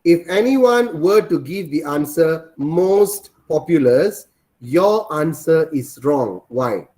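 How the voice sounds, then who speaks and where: A man teaches an online class over a video call. His voice sits a touch higher than most men's. He repeats his points and keeps putting questions to his students. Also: lively intonation, slow pace, warm tone.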